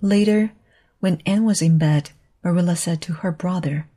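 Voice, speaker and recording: Low husky woman reading a story. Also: steady tone, moderate pace, dark tone. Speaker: reader of a storybook. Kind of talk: slow storybook read-aloud for learners.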